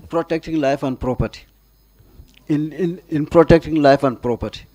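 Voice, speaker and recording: A man with a Gambian accent testifying at a formal hearing, answering questions haltingly with frequent pauses and restarts. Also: on the high side, mellow, slight background noise. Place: hearing room.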